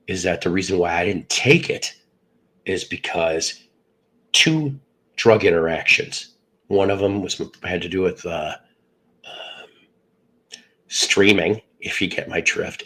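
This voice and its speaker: A man's voice: deep voice, lively intonation, unhurried, long pauses, a bit bright, breathy edge, rough recording. A middle-aged man who hosts a live stream, sounds congested from illness, and rambles with jokes as he greets viewers by name. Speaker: livestream host. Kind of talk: casual live chat with viewers.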